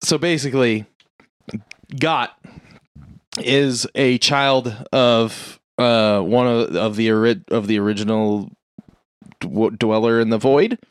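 A man casually recapping a movie plot on a podcast, acting out the characters' lines in quick bursts. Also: medium pitch, clean tone, no echo, clean studio sound. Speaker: podcast co-host.

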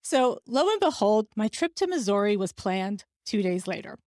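A middle-aged woman hosting a podcast, telling a personal story in a lively way and acting out the dialogue she quotes. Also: medium pitch, moderate pace, dry recording, clean studio sound. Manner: animated, acts out quoted dialogue. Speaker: podcast host.

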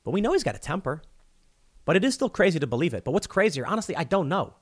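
Animated male political commentator. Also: on the high side, fast talker. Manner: animated, thinks aloud with restarts and mock quotes. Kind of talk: solo commentary monologue.

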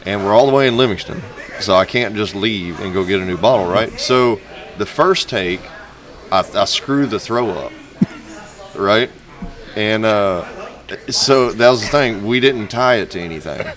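A man, a guest singer-songwriter, telling a lively anecdote in casual chat, laughing often and acting out other people's voices. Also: on the low side, unhurried. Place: bar venue with a crowd. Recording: bar crowd noise behind. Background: bar crowd chatter.

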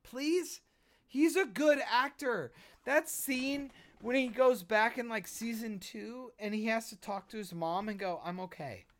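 A man co-hosting a casual podcast chat, emphatic and excitable, swearing freely and bumping the desk mic. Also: extremely high pitch, unhurried. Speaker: podcast co-host. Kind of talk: casual pop-culture chat. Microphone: desk mic, bumped while he hits the desk.

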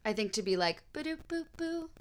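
A woman's voice: medium pitch, animated, brisk, sharp tone. A young adult woman co-hosting a casual podcast chat, giggly and chatty, sometimes reading aloud from articles. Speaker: podcast co-host.

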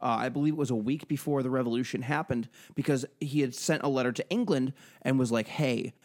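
A man's voice: medium pitch, fast, a little mellow. A man co-hosting a podcast in casual chat, profane and joking, rambling with many restarts. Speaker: podcast co-host.

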